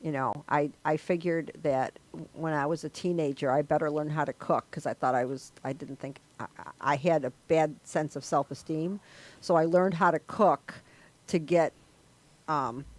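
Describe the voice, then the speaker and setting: A middle-aged woman hosts a casual group chat over a video call, rambling, laughing and poking fun at herself. Her voice is deep and her speed normal.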